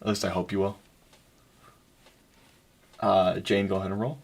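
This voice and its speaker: A man acting as game master, narrating and calling rolls in a quick, chatty way. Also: low voice, flat delivery, gravelly.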